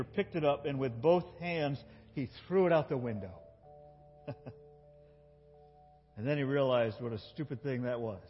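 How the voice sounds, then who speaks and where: A man preaching a sermon as a pastor, telling a story and swinging between loud emotional peaks and soft, quiet passages. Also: fairly high pitch, in a large hall, dull audio. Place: church.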